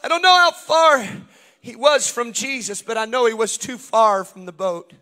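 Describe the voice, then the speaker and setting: Male Pentecostal preacher, very high and bright tenor, shouts his altar call in a sing-song rhythm. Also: expressive, moderate pace. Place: church sanctuary.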